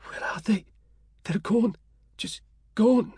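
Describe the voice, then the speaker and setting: A dazed, frightened boy from a storybook, as a male narrator puts him on, halting and breathless. The voice is pushed high and very breathy, with slow, dragging words, recorded dry and close. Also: a little mellow, no room sound, full character voice. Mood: distraught.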